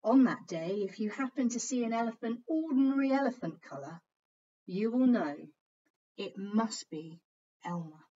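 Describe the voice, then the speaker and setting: A woman's voice: fairly high pitch, lively intonation, normal speed, dark tone, muffled recording. A woman teacher reading a picture book aloud to young children, telling the story expressively and pointing out the pictures as she goes.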